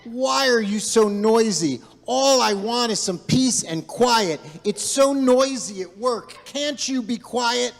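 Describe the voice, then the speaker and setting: A man voicing a weary male blacksmith who pleads for peace and quiet, slower and a bit higher than his telling voice. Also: creaky, exaggerated voice. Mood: exasperated. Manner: pleading, exasperated. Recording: long hall reverb.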